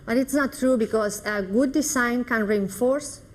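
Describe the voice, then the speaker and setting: A woman giving a conference talk in a measured, explanatory way with pauses. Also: on the high side. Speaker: lecturer. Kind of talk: conference presentation.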